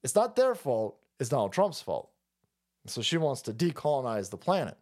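A man's voice: medium pitch, sing-song, moderate pace, a little mellow. A man hosting a livestream, ranting in a profane, mocking and abrasive way. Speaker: streamer host. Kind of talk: livestream rant.

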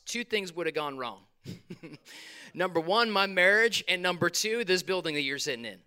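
A man delivers a lively sermon from the pulpit. His voice sits high and sounds smooth and clear. He swings between loud, fired-up bursts and quick, casual asides to the congregation. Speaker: pastor. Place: church hall.

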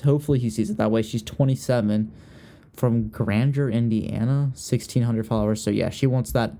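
A man's voice: mid-range voice, fairly even intonation, normal speed, dark tone. A young man from Virginia hosting a casual podcast, chatty and gossipy, often trailing off and restarting. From Richmond, Virginia. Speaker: podcast host. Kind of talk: casual chat.

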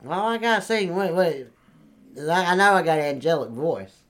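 A man's voice: a little high, expressive, normal speed, a bit bright. A man trading crude, boastful banter and cussing often between lines. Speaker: backyard singer. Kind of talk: comedic redneck banter and bad singing.

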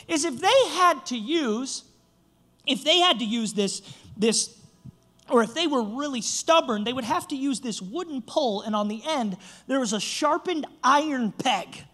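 A man's voice: extremely high pitch, sharp tone. A young man, a church pastor, preaching a sermon and telling a self-mocking funny story.

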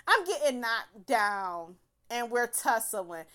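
A woman's voice: on the high side, sing-song, moderate pace, fairly bright tone. A woman casually telling a personal story, swearing freely and laughing through her words.

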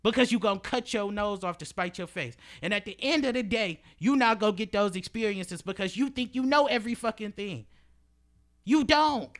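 A man's voice: high voice, moderate pace, a bit bright. A man in his early twenties giving an emphatic, preachy motivational monologue as a podcast host, in casual slang with swearing and repeated phrases. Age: early 20s.

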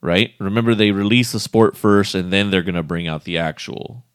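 Low-voiced man in casual podcast chat. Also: moderate pace, smooth, no echo, studio quality. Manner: relaxed, laughs often, trailing restarts. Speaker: podcast co-host.

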